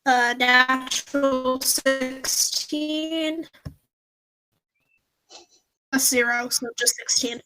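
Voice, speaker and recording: A woman player in a tabletop game, talking casually and quickly as her character. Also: sits high, level tone, bright, forceful tone, soft background music, rough recording.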